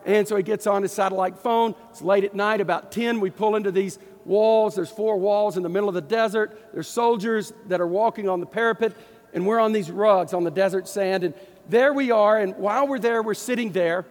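Man, Texan accent, Baptist pastor, folksy storytelling sermon, high voice, long hall echo. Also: a little fast. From East Texas. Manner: folksy, animated anecdote telling.

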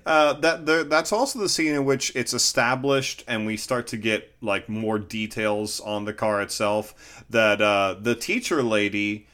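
A man co-hosting a casual movie podcast, adding measured, wry commentary. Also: fairly low pitch, a bit bright. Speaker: podcast co-host. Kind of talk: casual movie review chat.

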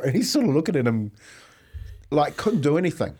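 A man's voice: a little high, a little fast, breathy edge. A middle-aged man, a former player, co-hosting a casual sports radio chat and telling stories with lots of restarts. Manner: rambling, animated storytelling with restarts.

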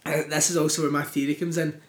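A man, co-hosting a podcast, telling stories in an animated way with swearing and laughter. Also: a little high, quick pace. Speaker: podcast co-host. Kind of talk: casual chat. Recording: echoey room.

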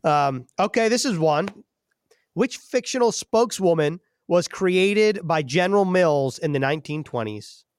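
A man hosting a sports podcast in a casual chat, upbeat with quick asides while reading out quiz questions. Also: a little high, lively intonation, dry recording, clean studio sound. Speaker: podcast host.

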